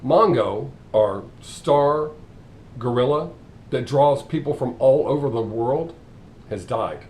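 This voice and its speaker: Businesslike zoo boss selling a job; man voicing him, lively pitch. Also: takes it slowly, slight background noise. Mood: persuasive. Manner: matter-of-fact, pitching a deal. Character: smooth-talking male zoo manager, businesslike.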